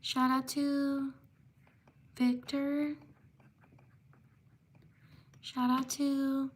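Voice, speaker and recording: A woman hosting a live stream, reading out viewer names one by one with quick apologies for mispronouncing them. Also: high-pitched, flat delivery. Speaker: livestream host.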